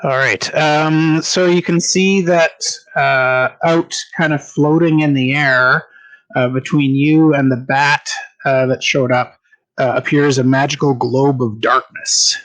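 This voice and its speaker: A man's voice: medium pitch, steady tone, takes it slowly, fairly bright tone. A man running a tabletop game as game master, narrating with many filler sounds.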